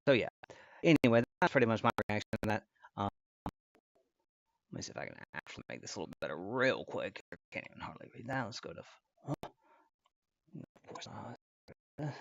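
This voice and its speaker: A man's voice: mid-range voice, creaky, dull audio. A man streaming from his computer, talking casually in a rambling, profane, trash-talking way. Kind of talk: casual live-stream reaction. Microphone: computer mic at desk.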